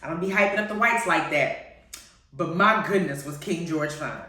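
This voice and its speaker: A woman's voice: sits high, moderate pace. Gushing woman host in an echoey room. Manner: gushing and animated, calls listeners honey and y'all. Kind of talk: live-streamed TV review chat. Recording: very echoey room, far from the mic.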